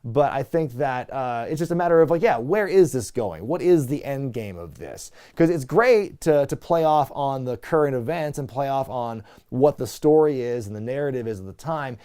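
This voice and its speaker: A man's voice: medium pitch, lively intonation, moderate pace, few pauses, dark tone, clean tone. A man casually recapping and reviewing a wrestling show, rambling and opinionated with frequent fillers.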